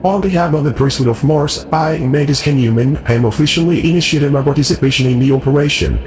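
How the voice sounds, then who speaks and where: A man's voice: fairly high pitch, fast, background noise, close to an everyday voice. A man voicing a cold, formal male tech-priest magus in a video game, speaking in clipped, mechanical phrases. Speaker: game character.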